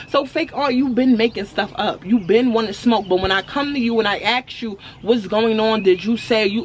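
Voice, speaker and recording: A woman telling a storytime to her viewers, blunt and animated. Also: a little high, moderate pace, few pauses, a little hiss or hum. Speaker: storytime vlogger. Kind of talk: casual storytelling to camera.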